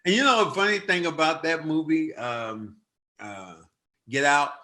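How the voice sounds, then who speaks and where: A man's voice: a little high, unhurried. An older man hosting a podcast in casual chat, telling stories and acting out quotes with gusto. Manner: animated storyteller, acts out quotes loudly. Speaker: podcast host.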